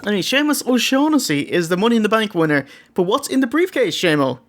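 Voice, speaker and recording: A man's voice: sits high, very animated, fast talker. An Irish man co-hosting a wrestling review, reading a scripted recap with sardonic, jokey asides. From Ireland. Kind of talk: scripted comedic review narration.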